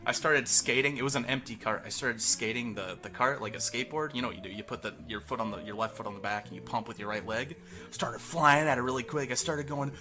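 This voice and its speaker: A young man streaming, telling rambling crude stories to his chat, laughing often and trailing off. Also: mid-range voice. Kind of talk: rambling casual storytelling to a live chat.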